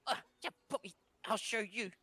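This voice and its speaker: A man's voice: sits high, moderate pace, bright, forceful tone, pitched above the performer's own voice. A man voicing a scheming young boy who whines and sulks when he loses. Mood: whiny. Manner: whiny, petulant outbursts. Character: bratty scheming young boy, sore loser.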